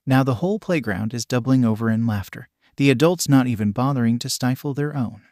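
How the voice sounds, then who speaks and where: A man's voice: mid-range voice, a little fast, hardly any pauses, a little mellow, no echo, studio quality. Man reading a comic fan fiction. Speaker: narrator.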